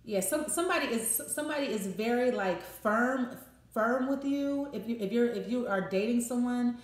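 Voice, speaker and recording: A woman's voice: a little high, moderate pace, roomy sound. A woman giving a casual tarot reading, talking freely, swearing and restarting her phrases. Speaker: tarot reader.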